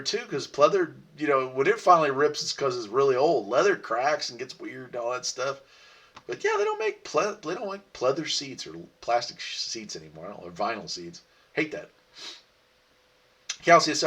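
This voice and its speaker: Male host, easygoing and chatty, answers viewer comments; mid-range voice, recorded a little distant. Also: medium pitch. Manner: relaxed, rambling, laughs often. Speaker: livestream host. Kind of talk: casual chat reading viewer comments.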